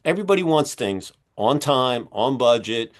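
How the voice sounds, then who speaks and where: A man hosting a podcast interview, talking in a rambling, energetic way with many fillers, his voice going hoarse as he keeps clearing his throat. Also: medium pitch, moderate pace. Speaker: podcast host and magazine publisher. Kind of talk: casual interview chat.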